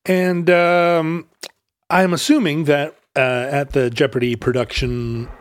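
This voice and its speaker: A man hosting a casual podcast chat, asking curious questions with hesitant pauses and jokes. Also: a little high, level tone. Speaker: podcast host.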